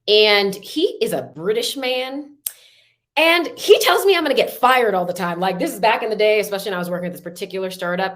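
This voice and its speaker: A woman leading an online workshop, who gives calm, measured prompts and adds casual asides that end in "okay?". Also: medium pitch. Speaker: workshop facilitator. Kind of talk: online workshop with a guided reflection exercise.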